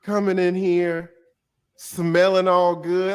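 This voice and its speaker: Animated, high-voiced retired attorney man. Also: measured pace. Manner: joking, laughing, playful asides. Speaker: retired defense attorney, guest commentator. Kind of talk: animated legal commentary.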